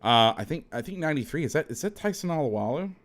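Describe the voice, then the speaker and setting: A man's voice: a little high, expressive, quick pace. Casual man explaining football film. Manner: chatty, self-correcting, swears casually. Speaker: football coach breaking down film. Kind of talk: casual film breakdown lesson.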